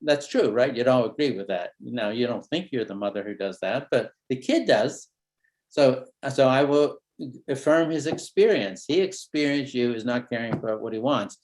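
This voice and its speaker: A man working as a family therapist talks parents through a parenting tip at a middle pitch. He tells it like a story, easy and rhythmic. He stops now and then to let the suspense build. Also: normal speed. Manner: relaxed storytelling with role-played dialogue. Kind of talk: parenting training talk.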